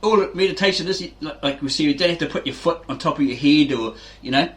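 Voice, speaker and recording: Talking fast in a fairly high-pitched voice, a male fitness host gives a rambling, casual explanation. Quotes get acted out, and "right?" keeps popping up at the ends of his lines.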